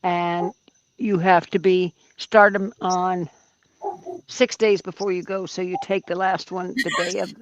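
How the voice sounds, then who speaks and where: A woman's voice: lowish voice, level tone, measured pace, no echo. A woman hosting a livestream, chatting casually and bluntly with exclamations. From United States. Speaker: livestream host. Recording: dull dry lo-fi stream audio.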